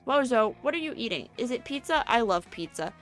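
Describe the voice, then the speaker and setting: A woman's voice: on the high side, very animated, a little fast, a bit bright. A dopey, good-natured jock boy, as a woman acts him out, asking simple questions with eager cheer. Faint music sits in the background.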